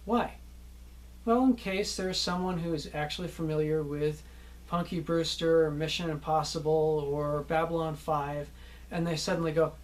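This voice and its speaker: A man's voice: on the high side, fairly even intonation, normal speed. A middle-aged man teaching acting students in a casual, rambling lecture, often ending lines with "okay?".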